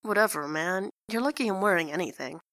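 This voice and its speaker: A sleepy, sarcastic young man, voiced by a woman reading a story aloud. He mumbles in a flat deadpan, and the tone is bright and forward. The sound is dry and close. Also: lowish voice, normal speed, no room sound.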